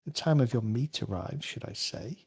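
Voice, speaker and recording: A man narrating a tabletop role-playing game as its game master, at a mid-range pitch. He talks in a relaxed, rambling way, full of fillers and self-corrections. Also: moderate pace, gravelly, a little hiss or hum.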